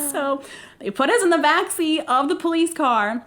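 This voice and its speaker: Young woman telling a lively story. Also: on the high side, moderate pace. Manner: animated, acts out quotes, laughs often. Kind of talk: casual storytelling.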